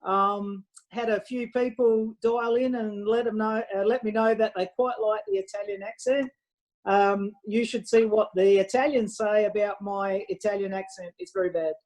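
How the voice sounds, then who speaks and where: A woman's voice: mid-range voice, steady tone, moderate pace, darkish tone, rough recording. A woman from Australia hosting a casual live-streamed wine show, chatting in a rambling way with lots of fillers.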